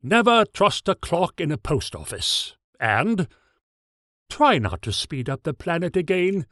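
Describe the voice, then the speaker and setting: A man voicing Father Time, an ancient, world-weary timekeeper with a formal British accent and a measured, distinguished delivery. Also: a little high, sing-song, a bit bright, no room sound, clean studio sound. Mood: dignified. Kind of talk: comedy sketch dialogue.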